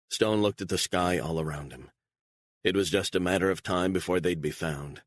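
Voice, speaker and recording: A man narrating a spy thriller audiobook in a measured, even reading. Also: very deep voice, no echo, clean studio sound. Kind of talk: scripted narration.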